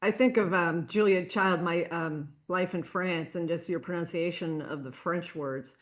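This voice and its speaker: A woman interviewing an audiobook narrator, asking her questions hesitantly with many fillers and offering short agreements. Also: lowish voice. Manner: warm backchannels, halting questions with fillers. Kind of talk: casual interview conversation.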